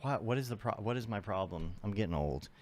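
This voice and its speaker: A man's voice: fairly low pitch, expressive, brisk, no room sound. A man hosting a podcast in casual interview chat, rambling and trailing off as he searches for his thoughts. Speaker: podcast host.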